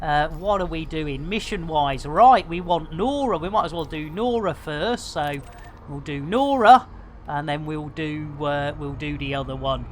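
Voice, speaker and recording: A woman's voice: sits low, lively intonation, a little slow, slight background noise. A woman in her fifties streaming a game live, chatting with viewers in an exclamatory way and swearing freely. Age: 50s.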